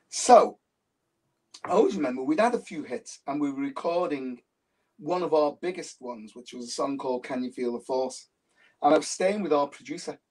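A man's voice: fairly high pitch, darkish tone. A man, an interview guest who tells his stories with animation and repeats phrases for emphasis. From Liverpool, England. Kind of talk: casual interview talk. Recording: voice distant from the mic.

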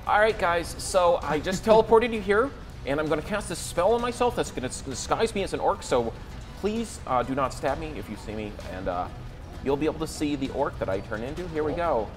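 A man's voice: fairly high pitch, animated, a little fast, faint music behind, voice pushed up, close to an everyday voice. A man voicing Jeff, a goofy, nervous human wizard who keeps laughing. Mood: cheerful. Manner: upbeat, giggly, nervous.

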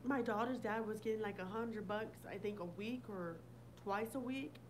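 Over a noisy background, a woman with a mid-range voice talks at a normal pace while hosting a casual livestream. She fields viewer comments bluntly, swearing plenty and laughing often.

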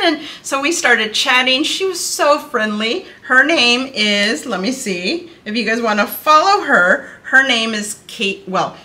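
A woman's voice: a little high, animated, moderate pace, pushed and bright. A woman in her thirties chatting casually to her viewers as a knitting vlogger, gushing and bubbly, calling them "you guys".

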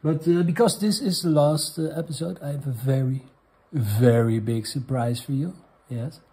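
Man, Dutch accent, comedy vlog host, warm mellow voice, crude, rambling, halting. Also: mid-range voice. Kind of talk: comedic vlog, reading viewer questions.

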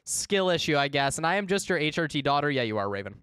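A man's voice: a little high, very animated, fast, a bit bright, smooth, no room sound, studio quality. A man live-streaming a game, chatting casually with his chat in a rambling, profane way.

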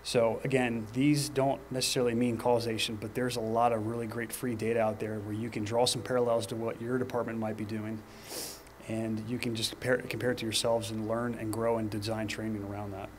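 Man in his 30s, training presenter; earnest, measured, flat-toned delivery over faint background hiss. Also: fairly low pitch. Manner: earnest, personal storytelling with pauses and restarts. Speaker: fire department lieutenant presenter.

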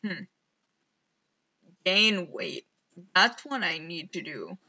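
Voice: medium pitch, sing-song, takes it slowly, creaky, bright, forceful tone, muffled recording. A streamer rambling casually over gameplay, mumbling to themself and poking fun at themself, on a headset mic. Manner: self-mocking.

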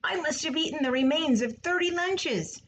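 A woman voicing a gluttonous, gloating male rat with a hoarse, sneering voice in a storybook read-aloud. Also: high-pitched, expressive, normal speed, a bit bright, slight background noise, pitched above the performer's own voice, low-quality recording.

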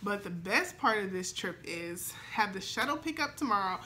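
A young adult woman chatting in a vlog as a flight attendant, excited and emotional, with lots of fillers. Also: mid-range voice, moderate pace, a little hiss or hum. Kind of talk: casual vlog chat.

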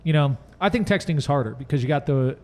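A man's voice: fairly high pitch, animated, fast talker. A man co-hosting a fitness podcast, bantering and reading out a listener's question with joking asides. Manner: joking, reads text aloud with asides. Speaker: podcast co-host.

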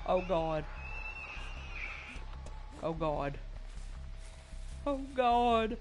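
A man's voice: high-pitched, expressive, slow pace, long pauses, soft background music. A man hosting a let's play, commenting nervously with lots of swearing. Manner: profane, nervous muttering. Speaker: gaming video host.

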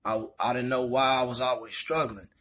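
A man's voice: mid-range voice, fairly even intonation, brisk, pushed and bright. A young man telling a personal story in a candid, rambling way, full of fillers. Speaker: vlogger.

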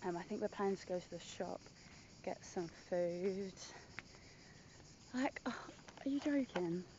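A young woman chatting excitedly in a casual travel vlog outdoors at a villa, gushing and full of "like". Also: lowish voice, highs cut off, slight background noise. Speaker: vlogger.

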